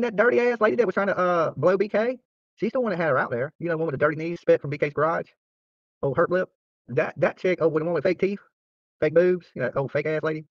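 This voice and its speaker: A man's voice: on the high side, dry recording. A man hosting his channel, ranting casually to viewers in a boastful, profane, trash-talking way. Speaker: YouTube channel host. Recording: dry, slightly dull lo-fi sound.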